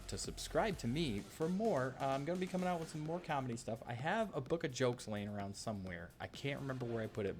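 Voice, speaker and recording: A man's voice: mid-range voice, a little mellow. A man telling a rambling story in a casual vlog, full of fillers and asides. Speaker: channel host telling a story.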